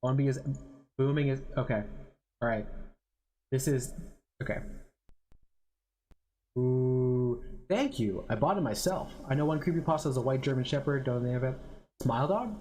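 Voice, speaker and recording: A man's voice: medium pitch, normal speed, long pauses, darkish tone. A man streaming casually, reading internet copypastas with mock-menacing dramatic delivery.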